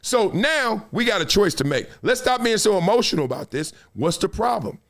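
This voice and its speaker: High, lively-voiced man hosting sports talk. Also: moderate pace, creaky. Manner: animated, preachy, drops into quoted voices; laughs between points. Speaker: sports talk show host. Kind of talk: live-streamed commentary monologue.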